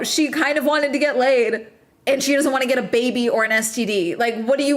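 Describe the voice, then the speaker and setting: A woman's voice: sits high, moderate pace, fairly bright tone. Profane, exasperated woman ranting. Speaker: streamer. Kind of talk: casual ranting chat.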